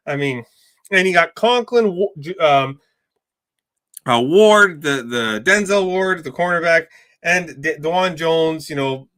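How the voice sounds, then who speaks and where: A man's voice: a little high, pushed and bright. A man hosting a sports betting show, giving heated, rambling commentary with many restarts and repeated words.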